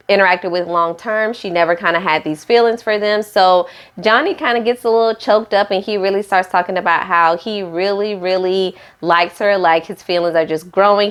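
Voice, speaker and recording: A woman's voice: mid-range voice, clean tone. Sassy chatty woman recapping reality TV. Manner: chatty, sassy, quotes people in playful voices. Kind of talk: casual recap commentary.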